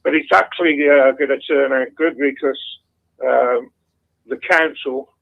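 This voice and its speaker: A man's voice: medium pitch, steady tone, measured pace, gravelly. A man calling in to a phone-in show, chatting casually and rambling with lots of swearing over a phone line. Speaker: caller.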